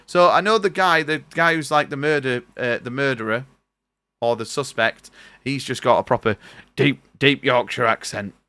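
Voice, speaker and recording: Chatty and casual, a young male streamer reads the game's dialogue out in his own voice while the recording stays noisy. He speaks at medium pitch and moderate pace, sounding pushed and bright, with no room sound.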